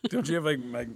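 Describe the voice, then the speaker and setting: A woman co-hosting a podcast, throwing in quick jokes and laughing often. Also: sits low, vocal fry. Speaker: podcast co-host. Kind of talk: casual chat.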